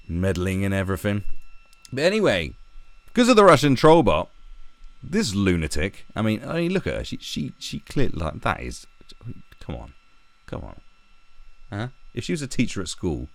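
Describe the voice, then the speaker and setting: A man's voice: on the low side, huge pitch swings, moderate pace, gravelly. A man hosting a commentary vlog, ranting in a sarcastic, profane, mocking way. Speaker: channel host.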